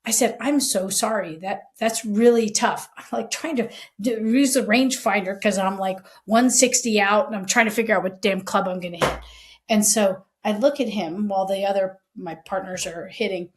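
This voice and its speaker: A woman's voice: mid-range voice, a little fast. A middle-aged woman, a former police chief co-hosting a podcast, tells a story in casual chat, acting out the lines of the people in it and swearing freely. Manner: animated storyteller, acting out quoted lines, frank and profane.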